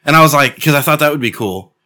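Lively, bright-voiced young man teasing. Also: fairly high pitch, quick pace. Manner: playful, teasing. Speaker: podcast co-host. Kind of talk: casual chat.

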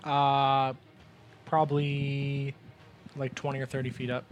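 A man serving as game master, settling rules in a calm, matter-of-fact way. Faint music plays behind the table talk. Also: medium pitch, slow.

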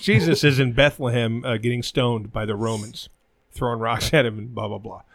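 A man on a casual podcast, telling crude jokes loudly and laughing at his own punchlines. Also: medium pitch, steady tone, moderate pace, no echo. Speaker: podcast co-host.

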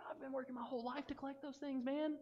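A man's voice: very high-pitched, fairly even intonation, fast talker, voice pushed up. A man voicing a whiny, demon-possessed man and his pleading demons in a comic, exaggerated way. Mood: whining. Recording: dull sound with long hall reverb.

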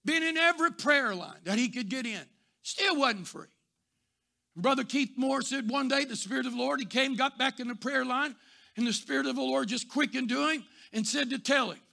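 A man preaching a sermon, telling stories and rising to shouts before dropping soft. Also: very high-pitched, normal speed, creaky. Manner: builds to shouting, then drops soft. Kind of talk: sermon with storytelling.

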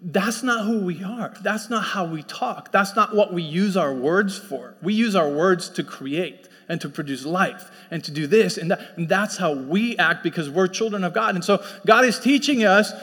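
A pastor preaching a sermon in a conversational, storytelling way, slipping into quoted voices. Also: male voice, high voice, moderate pace, hardly any pauses, a bit bright, husky. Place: church sanctuary. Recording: long church hall reverb.

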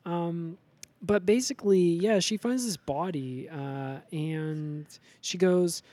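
Deadpan rambling comedy podcast host. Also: medium pitch, slow pace, no echo. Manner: meandering, deadpan narration with hesitant fillers. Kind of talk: improvised comedy storytelling.

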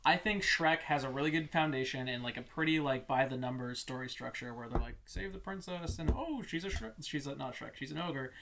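A man's voice: mid-range voice, steady tone, a little fast, hardly any pauses, background noise. A young man co-hosting a casual chat, enthusiastic and swearing freely. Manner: enthusiastic, profane. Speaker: podcast co-host.

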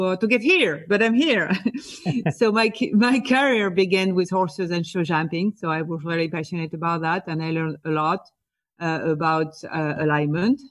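A woman from France with a French accent, answering interview questions eagerly and often repeating small words over a remote call. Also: lowish voice. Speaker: guest, executive leadership coach.

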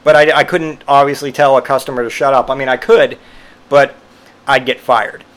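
A man's voice: medium pitch, steady tone, normal speed, a bit bright. Rambling profane man telling a story. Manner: rambling, profane, amused, many fillers. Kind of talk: casual storytelling monologue.

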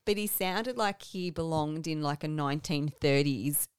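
A woman chats about films with giggly enthusiasm. Her voice is lowish and smooth, and it sits dry and close to the mic. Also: normal speed, dry recording. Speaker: podcast co-host. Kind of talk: casual film chat.

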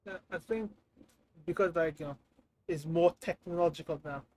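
A man hosting a podcast, asking relaxed, loosely phrased interview questions. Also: a little high, normal speed, poor audio. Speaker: podcast host.

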